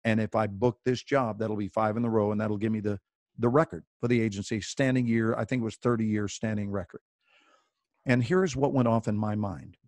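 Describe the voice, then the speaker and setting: A man's voice: fairly low pitch, fairly even intonation, brisk, darkish tone, dry recording. Playful theatrical storytelling man. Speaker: actor and guest speaker. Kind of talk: storytelling on a video call. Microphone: video call.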